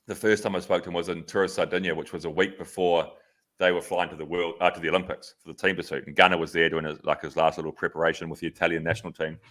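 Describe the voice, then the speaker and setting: Very deep-voiced New man. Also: level tone, quick pace, fairly bright tone. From New Zealand. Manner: rambling anecdotal storytelling with laughs. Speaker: podcast co-host, former pro cyclist. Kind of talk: casual chat.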